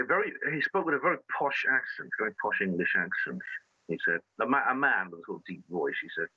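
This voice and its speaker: A man's voice: on the low side, slightly rough, no echo. Earnest man with a dull lo-fi sound. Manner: earnest, halting with frequent restarts. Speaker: guest. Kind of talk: conversational storytelling.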